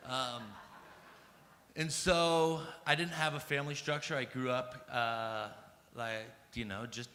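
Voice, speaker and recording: Taking his time, an American man in his thirties gives a storytelling talk at a conference in a mid-range, bright, forceful voice with fairly even intonation. He swears casually and uses "like" and "um" a lot as he grows more emphatic. Long reverb from the large hall, faint ambience, and a little hiss or hum are audible.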